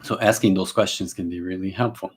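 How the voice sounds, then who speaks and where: A man with a lowish voice teaches live in a relaxed, unscripted way. He stops and restarts sentences often and slips into brief acted exchanges between a therapist and a client to show his points. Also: fairly quick, husky. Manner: casual, many fillers and restarts. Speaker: therapy trainer.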